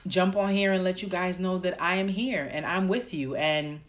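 Low-voiced earnest woman podcaster. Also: normal speed. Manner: earnest, heartfelt, talks to listeners directly. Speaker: podcast host. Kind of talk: personal podcast talk.

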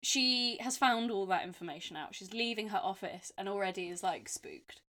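A young woman co-hosts a relaxed film podcast. She tells the story with playful, theatrical flair, building jokes as she goes. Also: mid-range voice, normal speed. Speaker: podcast co-host. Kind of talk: casual film review chat.

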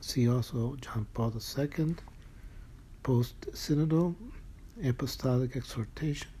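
A man's voice: medium pitch, measured pace, warm tone, a little hiss or hum. A man reading a religious document aloud, carefully marking every quotation and citation, earnest and moved by the text. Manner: reads each citation out in full, marking quotes aloud. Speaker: reader of a church document.

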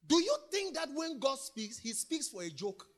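A man preaching a sermon, emphatic and repetitive, swinging between loud declarations and quiet, intimate lines. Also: very high-pitched, big pitch swings, moderate pace. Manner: emphatic, repeats phrases, swings from loud to soft.

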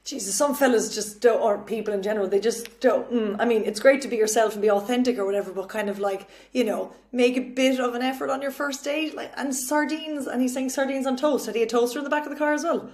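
Bright-voiced woman hosting a podcast. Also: fairly high pitch, fast talker, hardly any pauses. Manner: reacting with short exclamations and quips. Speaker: podcast host. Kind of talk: casual interview chat.

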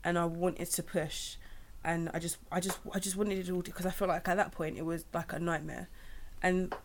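A woman's voice: lowish voice, flat delivery, moderate pace, slight background noise. A young woman chatting candidly, rambling with many restarts. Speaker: guest sharing her birth story. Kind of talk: casual chat.

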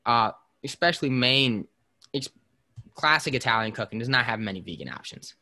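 A man's voice: medium pitch, animated, normal speed, pushed and bright. Rambling man hosting a casual podcast. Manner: rambling, many fillers and restarts, jumps between topics. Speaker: podcast host. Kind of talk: casual chat.

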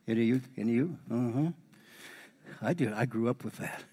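A middle-aged man preaching a sermon in a folksy way, repeating key lines for emphasis and building into lively exhortation. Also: medium pitch, quick pace, slightly rough. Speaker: pastor. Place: church sanctuary. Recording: long hall reverb.

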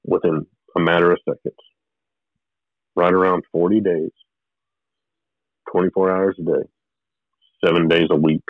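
Man, very low voice, dry tinny phone-like audio, rambling testimony. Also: little pitch movement, a little slow, long pauses, no echo. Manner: rambling, with restarts and short laughs. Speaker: guest telling his testimony. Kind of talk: emotional personal storytelling.

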